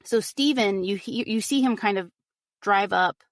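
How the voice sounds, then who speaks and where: A woman's voice: medium pitch, moderate pace, no room sound, clean studio sound. Chatty woman retelling a crime case. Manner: animated retelling, frequent "like" and "you know", acts out quotes. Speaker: podcast guest recounting a case. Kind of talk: casual true crime storytelling.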